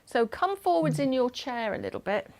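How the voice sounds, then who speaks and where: A woman instructor leading a gentle chair exercise class over a video call, encouraging and instructive. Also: high voice, very animated, normal speed.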